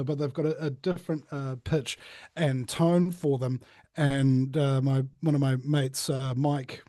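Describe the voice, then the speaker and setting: A man's voice: mid-range voice, warm tone, no room sound. Rambling New Zealand man on a dry mic. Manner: rambling, many fillers and restarts. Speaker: podcast host. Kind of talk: casual interview chat.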